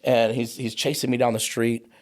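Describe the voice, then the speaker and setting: At normal speed and medium pitch, a man in his forties speaks with a flat delivery as a guest on an interview show. The trauma coach nonetheless tells a personal story vividly, acting out the voices of the people in it.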